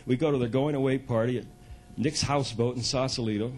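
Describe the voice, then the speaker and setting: A man's voice: mid-range voice, steady tone, quick pace, a little mellow. A man in his sixties, a folk singer telling loose, chatty stories from a club stage and chuckling at his own anecdotes. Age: 60s. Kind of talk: onstage storytelling monologue.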